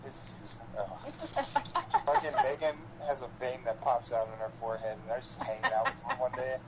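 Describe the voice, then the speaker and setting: A man's voice: mid-range voice, fairly even intonation, brisk, dull audio, heavy background noise. A man co-hosting a casual podcast, telling teasing stories full of swearing. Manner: profane, teasing storyteller. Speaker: podcast co-host. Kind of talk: casual chat.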